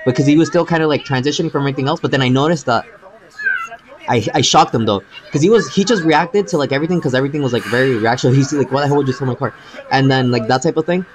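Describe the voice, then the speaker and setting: Brief: casual male streamer, mid pitch, rambles and repeats himself, crowd chatter behind. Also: racing, rough recording. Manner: rambling, repeats words, says bro a lot. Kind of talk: casual storytelling.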